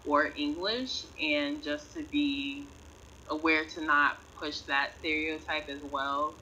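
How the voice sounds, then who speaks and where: A woman reading a prepared class presentation in an earnest, measured way. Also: low-pitched, bright, forceful tone, muffled recording, a little hiss or hum. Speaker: student presenter.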